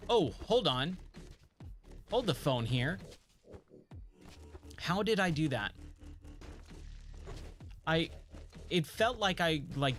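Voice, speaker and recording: A man's voice: medium pitch, a bit bright. A man streaming a video game, chatting and joking to himself and his viewers as he plays. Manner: chatty, joking, talks to himself while playing. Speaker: gaming streamer. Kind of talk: casual let's-play commentary.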